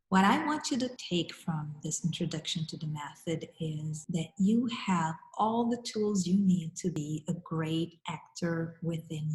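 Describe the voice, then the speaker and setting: A woman giving an acting lesson in a measured, encouraging way, talking straight to the listener. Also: lowish voice, creaky, a little mellow, roomy sound, poor audio. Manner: measured, encouraging, direct address. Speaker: acting teacher. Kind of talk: instructional talk to camera.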